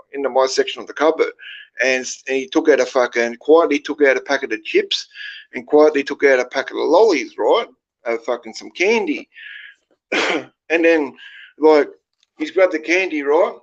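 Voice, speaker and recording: A man's voice: medium pitch, dull audio. An Australian man hosting a livestream, telling prison stories to his chat in a rambling, foul-mouthed way and constantly tagging his sentences with "right?". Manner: heavy swearing, rambling, keeps checking in with "right?". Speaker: livestream host. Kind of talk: casual storytelling to a live chat.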